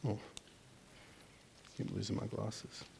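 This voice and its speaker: The pastor's voice is monotone, slow, and creaky with a breathy edge as he delivers a sermon in a church hall full of long reverb. He shifts dramatically from soft, low asides to raised, emphatic lines.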